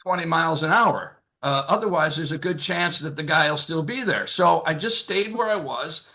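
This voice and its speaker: A man's voice: fairly high pitch, animated, moderate pace, bright, forceful tone. A man in his sixties telling a rambling stand-up story over a video call, full of fillers and restarts. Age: 60s. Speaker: comedian.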